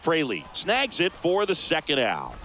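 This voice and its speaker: Excitable baseball play-by-play announcer. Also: male voice, a little slow. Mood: lively. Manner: crisp, excitable calls of each pitch. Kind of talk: scripted video game commentary. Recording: game audio with background noise.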